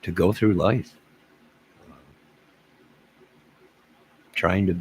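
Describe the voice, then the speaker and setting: A man's voice: sits low, fairly even intonation, very slow, husky, low-quality recording. A man hosting a casual livestream, rambling and self-deprecating as he chuckles and answers viewers' chat. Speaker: livestream host.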